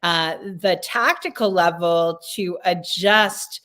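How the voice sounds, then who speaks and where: A woman guest in a casual podcast interview, thinking aloud slowly with many fillers and restarts. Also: lowish voice, a bit bright. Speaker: leadership consultant guest.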